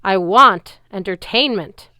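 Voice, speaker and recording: A woman's voice: sing-song, unhurried, fairly bright tone, no echo. A woman voicing a huge, boastful giant man who gloats over an arena in a storybook reading. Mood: gloating. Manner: booming, gloating.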